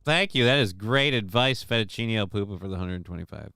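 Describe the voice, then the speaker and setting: A man's voice: on the low side, expressive, a little fast, gravelly, background noise. A man hosting a live-stream show, reading chat messages aloud and riffing with crude, sarcastic, rambling commentary.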